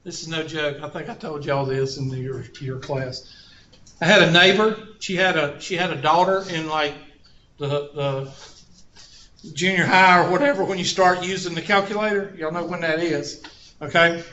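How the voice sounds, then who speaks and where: In a roomy, dull classroom recording, a man teaching math speaks at a moderate pace with a slightly high, bright, forceful voice. His lecture drifts into joking stories and folksy asides.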